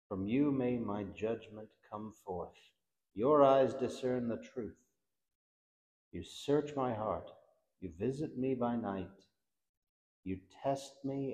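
Slow, dark-toned man reciting prayers. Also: fairly low pitch. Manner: measured, reverent, with falling endings on responses. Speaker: reader of the Divine Office. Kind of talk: solemn liturgical recitation. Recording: echoey room.

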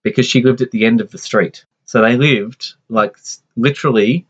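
A man's voice: mid-range voice, normal speed, slightly rough. A man in his forties telling a family story in a casual, rambling way, full of restarts and asides. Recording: dull lo-fi sound.

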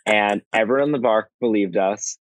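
A man's voice: on the low side, normal speed, a little hiss or hum. A man chatting as a podcast guest, playful and rambling, full of fillers and restarts. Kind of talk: casual chat.

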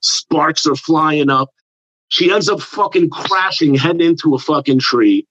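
A man's voice: fairly high pitch, a little slow. Profane New man telling a story. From New York area. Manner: profane, rambling, animated with put-on quotes. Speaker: comedian guest. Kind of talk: casual storytelling. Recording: dull lo-fi dry sound.

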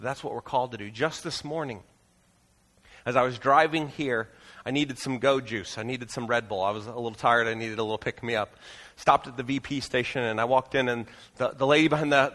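A pastor preaching a sermon in a church auditorium, earnest and pleading, moving into prayer. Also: male voice, mid-range voice, steady tone, quick pace, fairly bright tone, long reverb tail.

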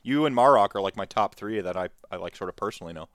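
A man's voice: lowish voice, animated, fast, fairly bright tone, no room sound, clean studio sound. A man co-hosting a casual livestream chat, rambling and swearing as he talks. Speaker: YouTuber co-host.

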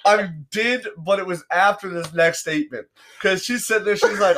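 A man's voice: high voice, moderate pace, a little hiss or hum. A young man hosting a casual chat, telling stories with lots of swearing and acted-out quotes. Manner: animated, swearing, acts out quotes. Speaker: podcast host.

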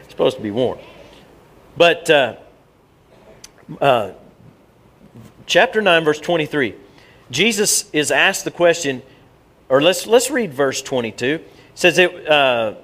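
In a church sanctuary, a middle-aged male pastor with a mid-range, a bit bright voice preaches conversationally. He often repeats and restarts his words, jumping back and forth.

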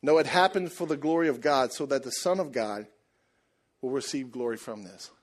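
A man preaching a sermon, telling the story in a lively, joking way and acting out the people in it. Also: mid-range voice, moderate pace. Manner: animated, jokey storytelling, acts out voices. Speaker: pastor.

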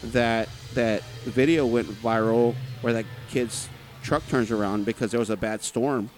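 A man's voice: mid-range voice, steady tone, unhurried. Rambling man with filler-heavy chat. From Texas. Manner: rambling, many fillers and restarts, swears freely. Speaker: podcast guest. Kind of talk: casual chat. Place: bar.

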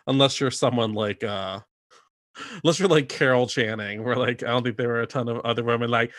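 A man hosting a casual chat, animated and laughing often, slipping into quoted voices. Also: mid-range voice, fairly quick, dry recording, clean studio sound. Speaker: podcast host and theater performer.

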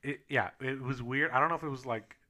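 A man with a bright, forceful voice talks with friends on a podcast. He speaks hesitantly and stops and restarts his sentences. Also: medium pitch, fast. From Texas. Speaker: podcast co-host. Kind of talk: casual chat among friends.

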